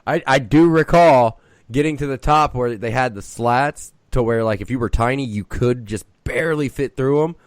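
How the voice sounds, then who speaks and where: A man's voice: medium pitch, moderate pace, no room sound. A man co-hosting a podcast, telling a story with hesitations and restarts. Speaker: podcast co-host. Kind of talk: casual storytelling.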